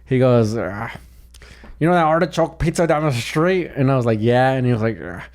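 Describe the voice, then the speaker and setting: A young comedian and podcast co-host rambles loosely through a story in casual chat, his middle-pitched voice brisk, animated, and somewhat dark in tone. He restarts sentences often and keeps saying "dude."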